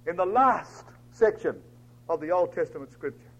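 A man preaching a dramatic storytelling sermon, swinging from loud declaiming to hushed near-whispers. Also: high voice, expressive, normal speed, breathy edge. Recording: dull lo-fi recording.

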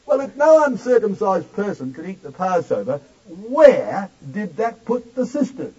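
Male preacher, sermon, emphatic, lively pitch, husky, dull lo-fi recording. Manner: emphatic, addresses congregation directly, slows to stress words.

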